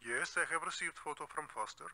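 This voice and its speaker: An actor playing a polite, businesslike Russian intelligence contact in a 1990s full-motion-video game, with a Russian accent and formal, clipped English. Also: male voice, on the high side, a little fast, sharp tone. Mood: courteous. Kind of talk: 1990s FMV game acting.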